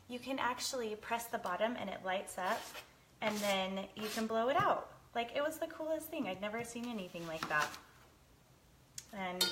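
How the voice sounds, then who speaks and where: A woman in her thirties hosts a live cooking stream from her home kitchen as a lifestyle show host, chatting with viewers, laughing often and tearing up from cutting onions. Her voice is medium-pitched, with background noise present.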